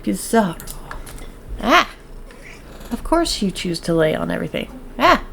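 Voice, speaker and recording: A woman's voice: mid-range voice, big pitch swings, unhurried, creaky, fairly bright tone, a little hiss or hum. A woman hosting a casual let's-play, chatting in a giggly, chatty way. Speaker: gaming channel host.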